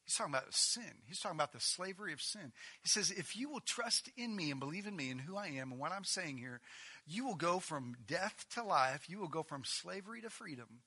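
Bright, high-voiced male preacher. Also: fairly quick, slightly rough. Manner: animated, reading scripture with rising emphasis and asides. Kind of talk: sermon.

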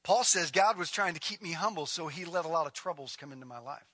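A male pastor preaching a sermon in an animated, conversational way with casual asides. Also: fairly high pitch, fast talker, no echo.

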